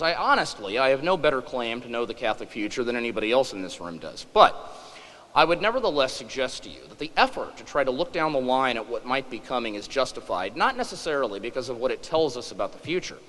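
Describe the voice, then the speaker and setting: A man's voice: medium pitch, fairly bright tone, in a large hall, rough recording. A man in his forties giving a humorous public lecture, wry and self-deprecating. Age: 40s.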